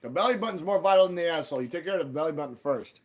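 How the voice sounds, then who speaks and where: A man hosting a live stream, ranting in casual, profane talk and jumping loud and high when he quotes people. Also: animated, very fast. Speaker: livestream host.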